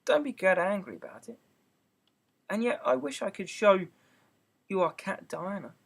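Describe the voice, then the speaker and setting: A man's voice: high-pitched, lively intonation, moderate pace, creaky, full character voice. A man voicing a curious, chatty young girl who talks in an eager, prim and rambling way in an amateur audiobook reading.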